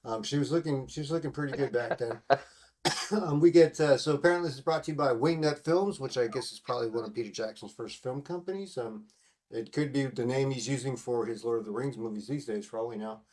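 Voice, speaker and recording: A man's voice: mid-range voice, fast talker, darkish tone. A man hosting a podcast, recapping a film in a rambling, casual way, swearing freely and using many fillers. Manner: rambling and profane, full of fillers. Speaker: podcast host.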